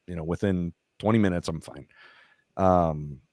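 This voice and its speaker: A man's voice: low-pitched, normal speed, darkish tone, no room sound, clean studio sound. A man, a veteran who founded a nonprofit, talking as a podcast guest in a casual, candid way, profane and emotional as he retells his stories. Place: podcast studio.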